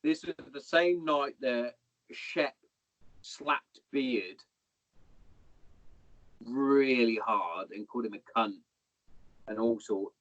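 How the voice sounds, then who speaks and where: A man's voice: medium pitch, slow, long pauses, fairly bright tone, dry recording. A man, a podcast guest rambling through army anecdotes in casual chat, swearing a lot and calling the listener "mate". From Hereford, England. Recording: dull lo-fi podcast audio.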